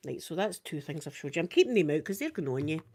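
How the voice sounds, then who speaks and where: A Scottish woman in her fifties, chatting casually with viewers on a live stream, rambling and swinging up and down in pitch. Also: expressive, fast, a little mellow. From Scotland. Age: 50s.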